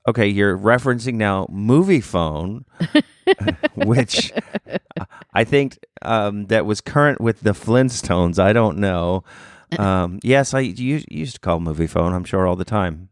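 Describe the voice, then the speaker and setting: A man's voice: lowish voice, expressive, measured pace, clean tone, no echo, clean studio sound. A man co-hosting a podcast in casual, teasing banter. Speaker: podcast co-host. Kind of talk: casual chat.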